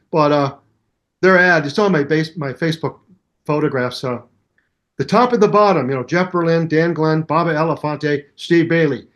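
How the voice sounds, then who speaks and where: An older man, a bass teacher, telling stories in a casual interview and scatting bass lines aloud to show exercises. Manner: animated storyteller who scats bass lines aloud. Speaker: bass teacher and musician guest.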